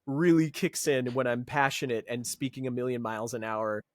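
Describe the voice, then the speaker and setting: A young man co-hosting a casual podcast, speaking with trained, clear theatrical diction and laughing often. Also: medium pitch, fairly quick, no echo, clean studio sound. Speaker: podcast co-host. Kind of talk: casual chat.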